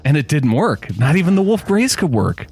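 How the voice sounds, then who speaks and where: A man's voice: fairly high pitch, sing-song, normal speed, darkish tone, slightly rough, soft background music. A man co-hosting a casual podcast, chatting and reading out listener email with frequent laughs. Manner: laughs often while reading aloud. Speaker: podcast co-host.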